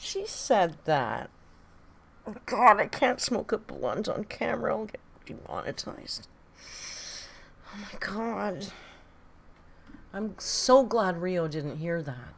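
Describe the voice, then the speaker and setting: A woman's voice: medium pitch, lively intonation, slow pace, vocal fry, pauses often, husky. A woman hosting a casual live-stream reaction, chatty and exclamatory with some swearing. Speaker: livestream reaction host.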